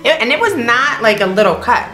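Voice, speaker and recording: Animated, bright-voiced young woman telling a story. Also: fairly quick. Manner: animated, acts out quoted voices with big pitch jumps; laughs often mid-story. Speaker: vlog co-host. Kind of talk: casual storytelling. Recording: echoey room with faint music.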